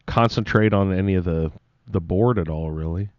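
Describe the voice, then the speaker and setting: A man hosting a podcast, talking casually with relaxed, wry asides. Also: low-pitched, normal speed, clean tone, no echo. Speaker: podcast host. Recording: slightly dull sound.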